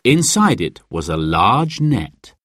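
A man reading a children's book aloud, slow and expressive. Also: lowish voice, background noise. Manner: slow, expressive, storyteller's lilt. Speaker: narrator.

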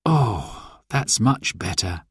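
A man voicing a kindly, tired father who sighs gently, in a storybook reading. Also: mid-range voice, sing-song, slow, dry recording, studio quality. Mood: gentle. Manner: gentle, sighing.

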